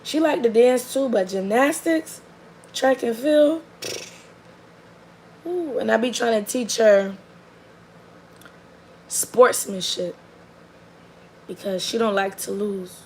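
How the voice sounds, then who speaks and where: Chatty mother with a gravelly voice. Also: fairly high pitch, slow pace, pauses often, rough recording. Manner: animated, chatty, lots of fillers. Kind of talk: casual storytelling chat. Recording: faint background noise.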